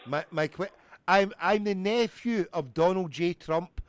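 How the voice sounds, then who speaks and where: A man making a prank phone call, rambling in a mock-pompous, deadpan way. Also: high-pitched, measured pace. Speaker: prank caller.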